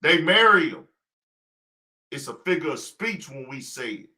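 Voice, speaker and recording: A man's voice: a little high, sing-song, measured pace, sharp tone. A man hosting a casual livestream talk show, preaching his point with rhetorical questions he answers himself. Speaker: podcast host.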